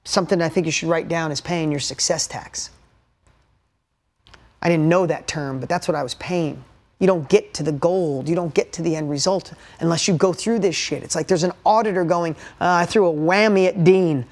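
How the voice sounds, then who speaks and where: A man's voice: fairly high pitch, normal speed, darkish tone. A man giving a motivational storytelling talk to an audience, candid and blunt with casual swearing, openly emotional, and urging listeners to take notes. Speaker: motivational business speaker.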